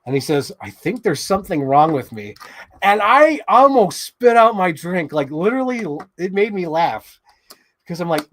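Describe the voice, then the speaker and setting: A man hosting a toy unboxing show in casual chat, rambling excitedly and swearing freely. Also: a little high, normal speed, a little hiss or hum.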